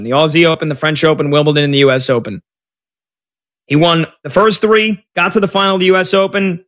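A man's voice: on the high side, fairly bright tone. Chatty American man talking tennis bets. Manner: chatty, quick asides, frequent restarts. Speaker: sports betting analyst. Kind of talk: casual betting preview commentary.

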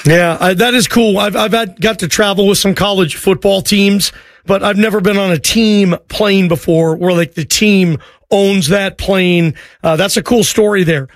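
High-pitched guy hosting sports talk radio, friendly and quick with callers, dry close sound. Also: no echo.

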